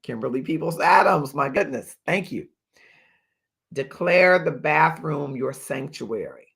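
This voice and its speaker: A man's voice: a little high, lively intonation, unhurried, gravelly, fairly bright tone. A man hosting a live advice stream, emphatic, repeating his key points and thanking viewers by name. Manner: reads viewer comments and thanks them aloud. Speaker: livestream host.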